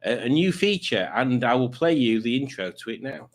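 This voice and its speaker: A man's voice: mid-range voice, animated, moderate pace. A man hosting a live stream, chatting casually and reading out viewer messages in silly voices. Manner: joking, reads chat messages aloud in silly voices. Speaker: livestream host.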